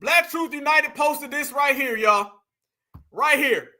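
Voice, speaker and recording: A man's voice: extremely high pitch, takes it slowly, pushed and bright. A man hosting a casual reaction commentary, mocking and laughing as he talks to viewers he calls family. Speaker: commentary show host.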